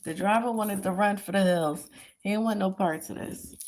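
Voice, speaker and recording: A woman's voice: mid-range voice, normal speed, a little mellow, slight background noise. A woman giving a casual tarot reading commentary, talking in an emphatic, repetitive way and chuckling at her own remarks. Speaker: tarot reader.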